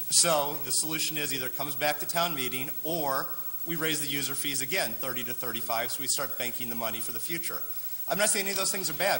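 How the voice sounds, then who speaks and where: A man's voice: medium pitch, sharp tone. A man speaking at a public meeting, persuasive and arguing point by point from a floor microphone. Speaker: resident speaking at town meeting. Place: large meeting hall. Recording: echoey hall, faint hiss.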